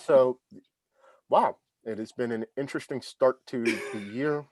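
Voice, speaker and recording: A man's voice: medium pitch, measured pace, a little mellow, dry recording. Dry-voiced man hosting a casual show. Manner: jokey, leads the segment. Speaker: podcast host. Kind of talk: casual roundtable chat. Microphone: video call.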